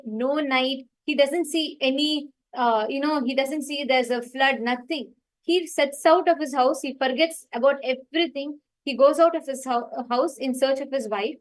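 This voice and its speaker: Woman with a high voice retelling a saint story, earnest, lots of "like" and "you know". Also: poor audio. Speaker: spiritual storyteller. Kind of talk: spiritual storytelling talk.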